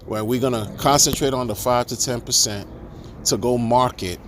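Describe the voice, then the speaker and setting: A man's voice: mid-range voice, steady tone, moderate pace, fairly bright tone, slight background noise. A man ranting in a monologue, exasperated and sarcastic, firing off rhetorical questions and restarting his sentences. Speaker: crypto commentator.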